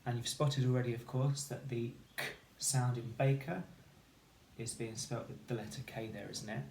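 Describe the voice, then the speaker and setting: A male primary teacher leads a phonics lesson, speaking in a clear, encouraging voice and drawing out each letter sound slowly. His voice is recorded in a roomy space with a noticeable echo. A faint hiss sits underneath. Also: mid-range voice, fairly even intonation, a little mellow.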